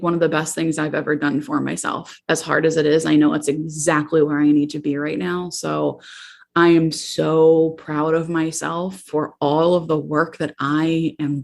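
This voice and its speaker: A woman in her thirties hosts a podcast in a low voice with a gravelly edge. She talks candidly and reflectively, halting often with fillers as she gathers her thoughts. Her tone is personal and unscripted. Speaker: podcast host and therapist.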